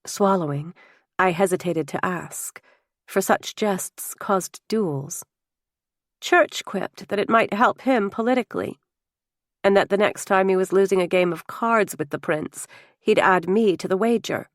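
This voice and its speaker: Expressive woman narrating a novel. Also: mid-range voice, a little slow, no room sound, studio quality. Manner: expressive, emotional storytelling. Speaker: audiobook narrator. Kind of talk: scripted first-person novel narration.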